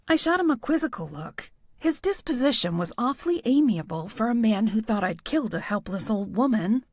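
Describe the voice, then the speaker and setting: A woman narrating a first-person audiobook with a wry, expressive delivery on a close studio mic. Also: a little high, fairly quick, few pauses, no echo.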